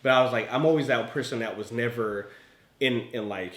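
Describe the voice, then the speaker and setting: Fast-talking excitable young man. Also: medium pitch. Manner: excitable, slangy, quick reactions. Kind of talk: casual chat. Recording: echoey room.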